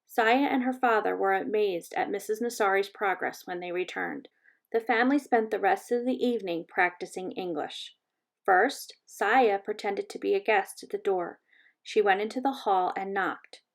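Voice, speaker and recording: A woman reading a children's chapter book aloud in a gentle, measured storytelling voice. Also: medium pitch, gravelly. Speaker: reader.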